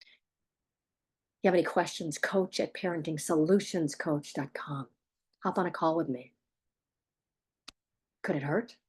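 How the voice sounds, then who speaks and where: A woman's voice: deep voice, a little mellow, husky. A woman parenting coach giving blunt, emphatic advice straight to the viewer, repeating points for stress. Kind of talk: direct advice monologue.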